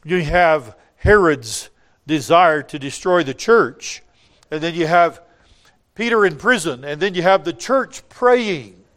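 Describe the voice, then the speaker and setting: Man preaching, higher voice, emphatic, repeats key phrases, swings from loud to hushed. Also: animated, slow pace. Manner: emphatic, rising to loud peaks then dropping low. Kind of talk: sermon.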